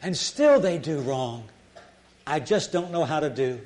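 A man's voice: on the high side, animated, measured pace, a little mellow. A man voicing a distraught widowed mother at her wit's end, pleading, his voice climbing to a cry. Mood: desperate.

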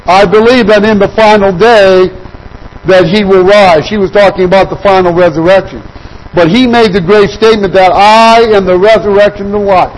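A man's voice: high-pitched, poor audio. A man preaching a sermon, emphatic, asking and answering his own questions and repeating points for stress.

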